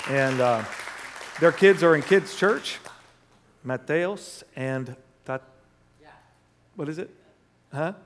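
A man's voice: a little high, slow, long pauses, a faint crowd, slight background noise. A man preaching a sermon in a church, reading scripture with conversational asides to the congregation and leading prayer with rising fervor. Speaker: pastor. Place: church sanctuary. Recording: long hall reverb.

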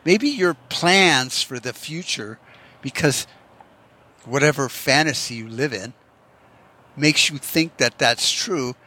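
A man talking through loose what-if questions in an offhand, rambling way, swearing freely as he goes. His pitch sits in an ordinary middle range for a man, and the delivery is a casual solo vlog. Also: lively intonation, slow pace, pauses often, pushed and bright. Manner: profane, musing, rhetorical what-ifs. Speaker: vlogger.

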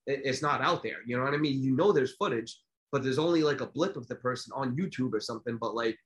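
A man's voice: mid-range voice, quick pace. A man in his thirties co-hosting a casual podcast, telling stories with lots of fillers and restarts. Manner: animated storyteller, many fillers and restarts. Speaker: podcast co-host.

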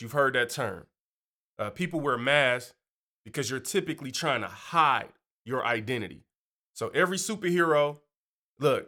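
Animated, bright-voiced man talking casually. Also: medium pitch. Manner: animated, chatty, keeps asking "you know". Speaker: Christian speaker. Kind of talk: casual faith talk.

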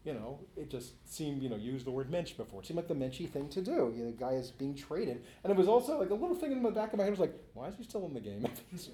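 A man's voice: a little high, very animated, quick pace, few pauses, mellow, slight background noise. A middle-aged man, an author and interview guest, telling a long casual story, laughing often and using many "you know" fillers. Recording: roomy echo.

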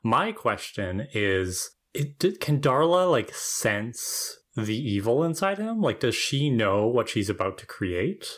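A co-host talks through a story in relaxed podcast chat. The voice sits at a middle pitch. The tone is thoughtful and full of questions. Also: takes it slowly, few pauses. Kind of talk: casual recap chat.

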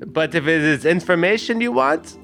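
A man voicing a shrewd, coin-loving male priest, speaking formally and bargaining in measured tones in a tabletop game. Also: fairly high pitch, lively intonation, fairly bright tone, faint music behind, pitched above the performer's own voice. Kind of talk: tabletop role-play as a character.

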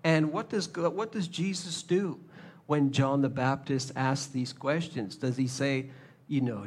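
A man preaching a sermon, animated, acting out little scenes in shifting voices. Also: medium pitch, measured pace. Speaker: pastor.

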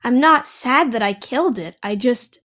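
A woman's voice: a little high, animated, moderate pace, a bit bright. A woman voicing a tearful, shaken little girl.

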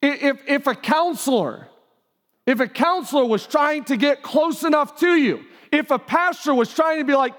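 A man's voice: very high voice, moderate pace, a bit bright. A man preaching a sermon as pastor, talking conversationally, acting out quoted voices. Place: church auditorium. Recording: live hall with long reverb.

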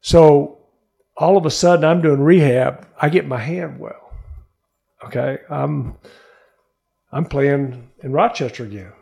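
A man's voice: a little high, unhurried, warm tone. A man from Texas, an interview guest and former pro baseball player, telling a personal faith story in an earnest, emotional way. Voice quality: gravelly, husky. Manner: earnest, emotional, acts out quoted voices. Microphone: studio mic.

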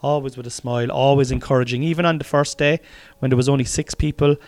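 A man's voice: mid-range voice, fairly even intonation, fast talker, darkish tone. An Irish man hosting his own podcast in a rambling, tired, casual diary style, swearing often and restarting sentences. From Ireland. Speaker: podcast host.

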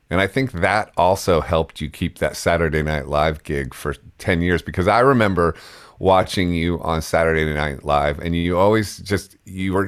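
Deep-voiced, effusive radio host man. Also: dry recording. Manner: effusive and complimentary. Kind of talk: interviewing a guest.

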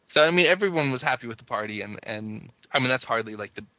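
A man's voice: mid-range voice, animated, quick pace, bright, forceful tone, no room sound. A man casually telling a long story, rambling and breaking off mid-sentence with lots of "like". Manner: rambling, self-interrupting, lots of "like".

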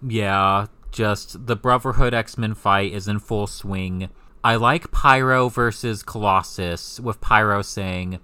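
A man co-hosting a casual comic-book podcast, relaxed and wry as he steers the talk. His voice is lowish, smooth and bright. It is recorded close on a dry mic. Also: measured pace, no echo. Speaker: podcast co-host.

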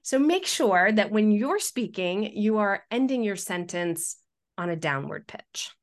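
A woman's voice: mid-range voice, animated, unhurried. A middle-aged woman, a workplace communication consultant, explaining practical speaking tips in a podcast interview.

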